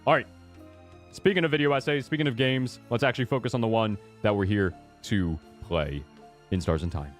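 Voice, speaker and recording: A man's voice: medium pitch, expressive, moderate pace, soft background music. A man streaming a game, chatting casually with a joking, self-deprecating manner. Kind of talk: casual gaming stream commentary.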